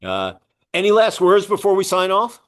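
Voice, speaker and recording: A man hosting an interview, chatting casually and telling animated stories. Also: high voice, moderate pace. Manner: animated storyteller, acts out other people's voices. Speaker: podcast host and publisher.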